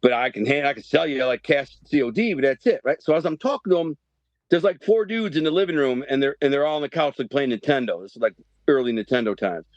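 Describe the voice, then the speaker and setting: A man in his fifties from the Detroit area, telling a story as a podcast guest in animated, profane street slang. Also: medium pitch, fast, no echo, muffled recording. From Detroit area, Michigan. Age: 50s. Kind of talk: storytelling interview.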